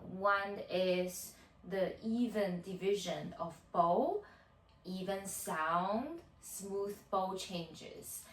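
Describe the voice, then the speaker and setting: A woman giving a violin lesson as a tutorial, counting beats aloud in a patient, instructive way. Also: medium pitch. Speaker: violin teacher. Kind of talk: teaching tutorial. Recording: roomy sound from a distance.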